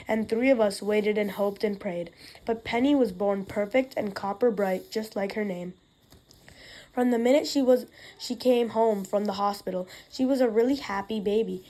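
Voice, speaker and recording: Mellow-voiced woman reading a novel aloud. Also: medium pitch, moderate pace. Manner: unpolished reading with slips and restarts. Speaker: reader.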